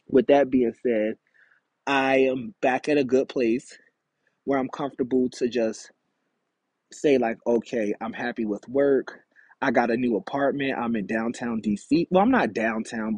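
Husky man in a candid solo podcast. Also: mid-range voice, a little slow, darkish tone, no room sound. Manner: rambling, confessional and frank. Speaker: podcast host. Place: outdoors in a backyard.

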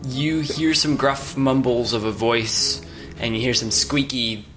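A man narrating as game master for a tabletop game, describing scenes and answering players' questions in a steady way. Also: mid-range voice, measured pace, over music.

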